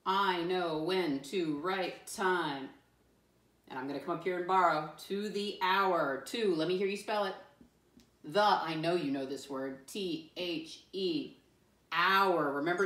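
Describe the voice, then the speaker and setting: Woman, first grade teacher, encouraging, slow and clear, lowish voice, roomy distant sound. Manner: encouraging, slow and clear, spells words letter by letter. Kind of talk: classroom lesson to young children.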